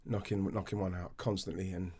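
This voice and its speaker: A man's voice: low-pitched, brisk, breathy edge. A man co-hosting a podcast, telling stories in casual chat and laughing often. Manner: laughing, animated storyteller. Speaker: podcast co-host.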